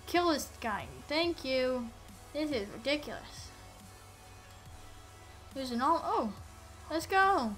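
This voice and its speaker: A woman giving casual let's-play commentary, excitable and playful, yelling at enemies on screen. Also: high voice, slow pace, long pauses, faint music behind. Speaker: gameplay commentator.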